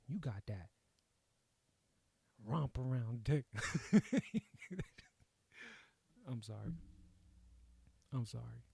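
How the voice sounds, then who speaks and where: A young man hosting a podcast, ranting in a crude, animated, slangy way and laughing at his own jokes. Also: medium pitch, gravelly, no echo. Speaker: podcast host. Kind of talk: casual comedic rant.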